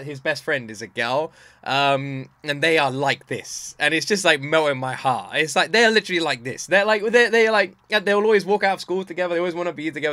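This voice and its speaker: Gushing, bright-voiced man reacting to music. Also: no echo. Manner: gushing and effusive, repeats himself, swears casually; bursts into loud high-pitched excitement. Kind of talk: casual reaction commentary.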